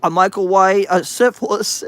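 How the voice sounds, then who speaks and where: A man's voice: high voice, steady tone, normal speed, fairly bright tone, no echo. A man hosting a livestream, reading chat aloud with crude sarcasm and frequent hesitations. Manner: sarcastic, profane, hesitant with many uhs.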